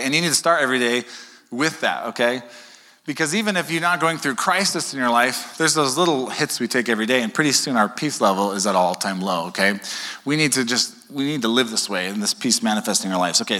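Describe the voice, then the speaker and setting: A male pastor preaching a sermon to his congregation in a conversational way, often checking in with "okay?" and joking with the crowd. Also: medium pitch. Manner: conversational, keeps asking "okay?"; animated, jokes with congregation. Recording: long hall reverb.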